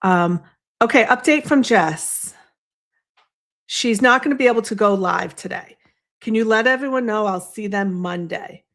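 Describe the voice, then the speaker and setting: A woman's voice: medium pitch, a bit bright. Chatty Boston woman livestreaming from home. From US East Coast. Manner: chatty, rambling, quick asides. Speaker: livestream host. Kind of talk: casual livestream chat. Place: home, snowy window behind. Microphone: desk microphone.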